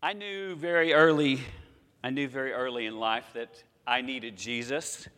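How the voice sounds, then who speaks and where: A man in his sixties delivers a sermon, reading scripture aloud and pausing for effect. His voice sits at an ordinary pitch for a man. A long reverb trails after each phrase, as in a church hall. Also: fairly even intonation, a bit bright. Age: 60s. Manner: preaching with dramatic pauses, quoting scripture. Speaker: pastor.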